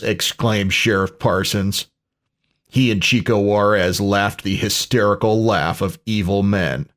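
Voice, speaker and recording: In a dry, deadpan manner, a man narrates a parody pulp story. His voice is fairly low and his reading pace very unhurried.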